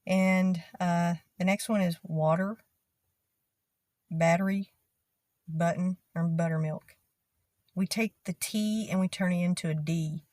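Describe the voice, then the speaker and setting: Texas gal w a drawl, kinda low voice, laughs a lot, talks real casual. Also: female voice, steady tone, moderate pace, few pauses, a little mellow, no echo. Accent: Texan. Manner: chatty, laughs often, drawls words out. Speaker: vlogger. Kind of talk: casual explainer video.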